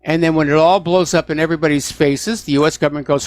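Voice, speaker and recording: A man's voice: on the high side, fairly even intonation, fast, hardly any pauses, no room sound. A man hosting a political call-in radio show, talking through the news with sarcastic asides. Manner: sarcastic, mocking blustery officials. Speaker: radio talk show host. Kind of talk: political talk radio monologue. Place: radio studio.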